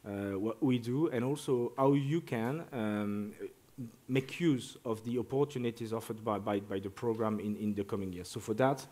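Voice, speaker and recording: A man's voice: fairly low pitch, normal speed, a little mellow. A man, a project director, presenting at a conference, often repeating words as he restarts phrases.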